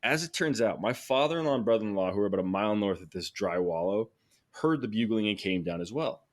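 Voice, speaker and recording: A man tells a story on a podcast in a casual, animated way. He gets excited as he talks, laughs along, and often restarts his sentences. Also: on the low side, fast talker. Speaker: podcast guest.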